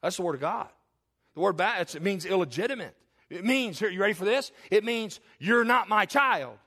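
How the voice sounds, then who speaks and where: A man's voice: high-pitched, animated, fairly quick, pushed and bright. A middle-aged man, a pastor preaching a sermon with fervour, calling out to his congregation with questions and appeals. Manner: impassioned preaching with rhetorical calls to the congregation.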